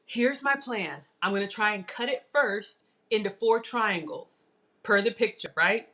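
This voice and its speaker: A middle-aged woman hosting a casual live-stream cooking demo from her home kitchen, chatty and excitable, talking straight to her viewers. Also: mid-range voice, unhurried. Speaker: cooking show host.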